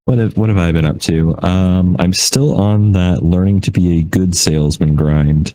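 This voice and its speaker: A man's voice: deep voice, darkish tone, rough recording. A man co-hosting a podcast, chatting casually in a rambling, self-deprecating way with frequent laughs. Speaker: podcast co-host. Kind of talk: casual chat.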